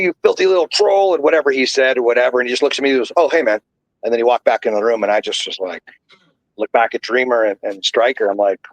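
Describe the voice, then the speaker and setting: A man's voice: medium pitch, no room sound, poor audio. Rambling middle-aged man telling a story. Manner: rambling, many fillers and restarts. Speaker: podcast guest, wrestler and coach. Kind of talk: casual storytelling.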